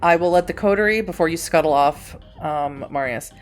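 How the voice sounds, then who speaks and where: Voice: mid-range voice, a little fast, faint music behind. Casual tabletop game master, loose joking narration. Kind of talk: running a tabletop role-playing game.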